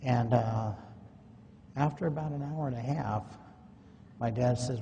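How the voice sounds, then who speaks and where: Man telling a folksy story at a conference mic, mellow voice, echoey hall, lo-fi old recording. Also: moderate pace, pauses often. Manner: folksy, acts out quoted dialogue. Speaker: conference speaker. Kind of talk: personal storytelling talk. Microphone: microphone at a podium or in hand. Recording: echoey hall, faint noise, low-quality 2009 recording.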